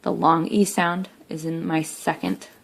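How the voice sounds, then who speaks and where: A young woman teacher talking through a recorded spelling lesson, saying words slowly and clearly one at a time. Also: low voice, level tone. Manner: slow, clear word-by-word demonstration.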